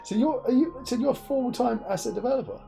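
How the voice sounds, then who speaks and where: A man hosting a casual live-stream interview, asking jokey, animated questions with many restarts. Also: extremely high pitch, fast talker, vocal fry, soft background music. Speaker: interview host.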